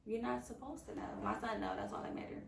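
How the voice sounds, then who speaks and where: Chatty podcast co-host, gravelly voice, animated storyteller; echoey room, distant mic. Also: female voice, on the high side, fast talker, slight background noise. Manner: animated storytelling, acts out quotes. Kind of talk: casual chat, personal story.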